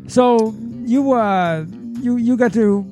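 A man's voice: very high-pitched, slow pace, over music. A man in a casual podcast chat who teases his co-host with sarcastic quips.

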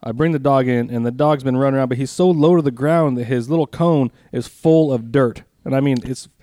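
A man's voice: mid-range voice, a little fast, mellow, no echo. Rambling, laughing man telling stories. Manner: rambling, laughing, swears freely. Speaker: podcast co-host. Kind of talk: casual storytelling chat.

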